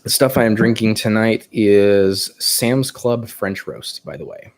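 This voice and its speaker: A man's voice: lowish voice, fairly even intonation, measured pace. A man with a Californian accent hosting a casual livestream, thinking aloud and rambling with fillers. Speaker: livestream host.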